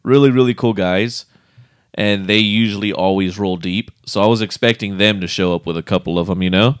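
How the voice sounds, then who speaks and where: A man's voice: on the low side, a little fast, clean tone, no echo, studio quality. A man chatting casually about cars, laid-back, laughing often and swearing now and then. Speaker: co-host. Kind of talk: casual chat.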